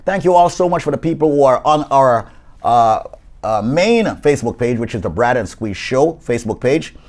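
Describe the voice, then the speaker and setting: A man's voice: medium pitch, lively intonation, normal speed, a little mellow. A man co-hosting a live radio call-in show, announcing in a promotional way and answering banter with dry comebacks. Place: law office studio.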